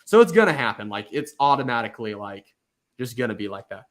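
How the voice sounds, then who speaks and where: A man talking through tips in a loose, rambling way, with lots of "like" and restarts. His voice sits at an ordinary middle pitch. It sounds like an unscripted chat between friends. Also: fast. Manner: rambling, filler-heavy, animated. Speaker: YouTube host giving channel advice. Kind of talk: casual chat.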